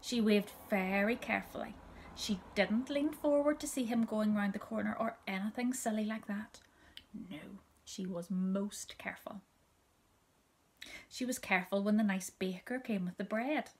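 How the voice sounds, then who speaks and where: A woman reading a children's story aloud, soft and gentle, often dropping to a whisper. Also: mid-range voice, moderate pace.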